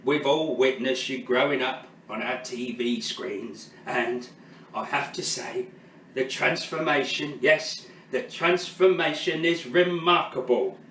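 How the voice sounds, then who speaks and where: A man's voice: medium pitch, takes it slowly, fairly bright tone, roomy sound, recorded from a distance, a little hiss or hum. A man playing a teasing veteran game-show host in his late eighties, firing off showbiz quips in a comedy sketch. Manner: quipping, teasing, showbiz patter.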